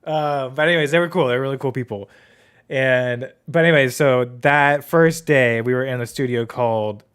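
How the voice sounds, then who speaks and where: Young man, podcast host, smooth clear voice, casual rambling chat. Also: medium pitch, normal speed, fairly bright tone. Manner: rambling storytelling with many fillers.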